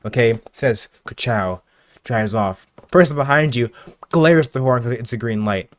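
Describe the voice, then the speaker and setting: A man's voice: mid-range voice, moderate pace, dry recording. A young man co-hosting a podcast, spinning a comic made-up story with lots of laughing and stumbling restarts. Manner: animated storyteller, laughing often, many restarts. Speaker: podcast co-host. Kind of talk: casual chat, spinning a comic made-up scenario.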